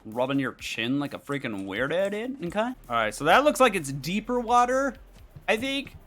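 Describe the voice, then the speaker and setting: Giggly woman streamer with a bright voice. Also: lowish voice, big pitch swings, moderate pace, faint music behind. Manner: giggly, playful, swears for laughs. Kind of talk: casual gameplay commentary.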